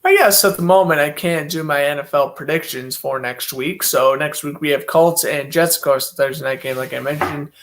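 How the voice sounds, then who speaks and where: A man's voice: on the high side, moderate pace, few pauses, fairly bright tone. A young man doing casual solo play-by-play commentary and predictions, chatty and thinking aloud with many fillers.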